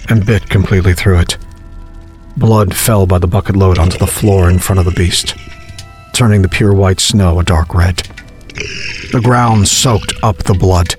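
Low-voiced male horror narrator. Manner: measured, grim storytelling.

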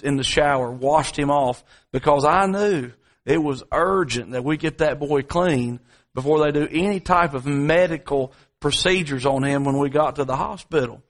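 A man preaching a sermon, telling a story from home and then building to repetitive, dramatic appeals with slow, drawn-out emphasis. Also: a little high. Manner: dramatic preaching, swings between drawn-out emphasis and quick asides; repetitive, rhetorical delivery.

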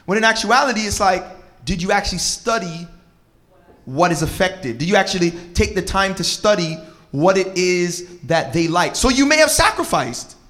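A man in his thirties co-hosting a casual chat about parenting and relationships, animated and slangy with preacher-like exclamations. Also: high voice, moderate pace. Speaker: podcast co-host.

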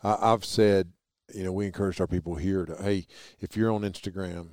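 A very low-pitched man with a drawl hosts a laid-back podcast chat. He rambles enthusiastically and jokes as he goes. The recording is close and dry. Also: fairly even intonation, brisk, a little mellow, no room sound. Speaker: podcast host. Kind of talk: casual chat.

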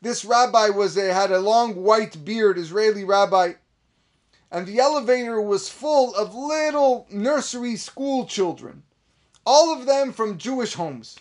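A man's voice: animated, measured pace. A man preaching a sermon as a rabbi, speaking with passion and dropping in Hebrew phrases. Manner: impassioned preaching, rising to emphatic high peaks.

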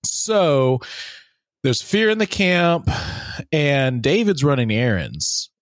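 A man's voice: mid-range voice, very animated, slow pace, no room sound. A man co-hosting a podcast, retelling a Bible story in casual, slangy, jokey chat. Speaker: podcast co-host.

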